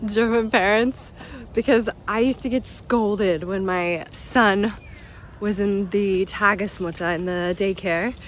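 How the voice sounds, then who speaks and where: A woman's voice: a little high, slight background noise. Chatty Canadian woman vlogging outdoors. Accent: Canadian English. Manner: chatty, laughs often, drops German words. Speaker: vlogger, mother. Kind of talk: casual vlog chat to camera.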